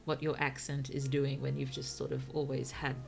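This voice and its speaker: Low, gravelly Australian woman streamer. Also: level tone, normal speed. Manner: musing, chatty, laughs often. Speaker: streamer and writer. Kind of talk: casual livestream chat.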